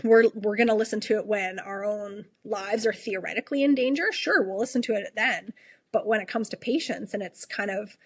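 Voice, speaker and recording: A woman's voice: mid-range voice, a little fast, breathy edge, no room sound. A woman from Canada, an ER nurse, telling a personal story as a podcast guest in an earnest way, often restarting and repeating herself. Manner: earnest, frequent self-restarts, repeats her questions.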